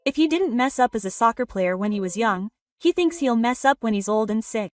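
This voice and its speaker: A woman's voice: fairly high pitch, expressive, a little fast, no echo, clean studio sound, recorded from a distance. A woman comedian with a Mexican accent, telling brash, teasing stories and putting on other people's voices. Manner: brash, teasing, switches into voices of husband and kids. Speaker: stand-up comedian. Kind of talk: comedic monologue with acted dialogue.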